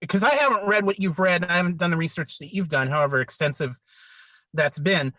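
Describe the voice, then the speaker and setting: A man's voice: high voice, brisk, pushed and bright, no echo, low-quality recording. A man hosting a casual podcast, asking long questions with frequent stumbles and restarts.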